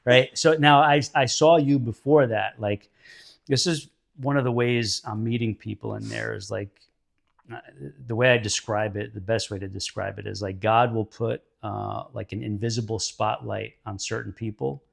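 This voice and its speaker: A man hosting a podcast, asking questions in a relaxed, conversational way. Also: fairly low pitch, normal speed, gravelly. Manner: relaxed, conversational, filler-heavy. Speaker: podcast host. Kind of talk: casual interview talk.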